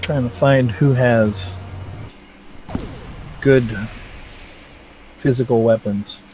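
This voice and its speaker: A man's voice: medium pitch, steady tone, very slow, a little mellow, slight background noise, rough recording. A man chatting on a game stream as a teammate, asking short matter-of-fact questions. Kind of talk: casual gaming chat.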